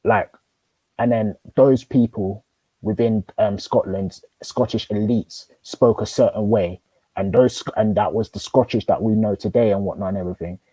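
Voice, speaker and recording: A man's voice: lowish voice, steady tone, normal speed, dark tone, slightly rough, dry recording, rough recording. A man arguing in a casual debate, probing with questions and stumbling through many restarts. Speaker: host.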